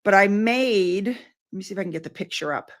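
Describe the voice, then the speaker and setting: A woman's voice: mid-range voice, a little fast. An older woman vlogging from home, talking straight to her viewers. She rambles from one thing to the next with effusive enthusiasm, keeping everything loose and casual.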